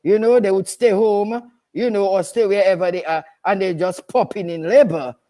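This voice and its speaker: A mellow, medium-pitched voice at normal speed belongs to an older woman from Dominica who works as a nurse and midwife. Chatting casually as a radio guest, she is emphatic, says things more than once, and firmly repeats "no, no, no."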